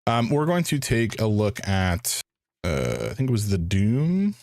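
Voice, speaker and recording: A man's voice: fairly low pitch, very animated, unhurried, darkish tone, dry recording, studio quality. A man streaming a first playthrough of a game, thinking aloud in a hesitant way and often restarting his sentences. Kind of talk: live game commentary.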